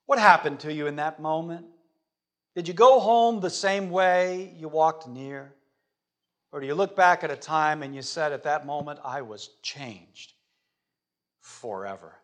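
Male preacher with a fairly high voice, dramatic delivery with big swings between loud and soft. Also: measured pace. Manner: dramatic, sweeping swings from loud to hushed, rhetorical questions. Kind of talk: sermon.

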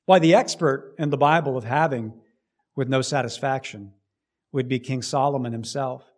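A man preaching a sermon, emphatic, rising loud and dropping low to stress his points. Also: normal speed. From United States. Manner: emphatic preaching with big swings in loudness. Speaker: pastor.

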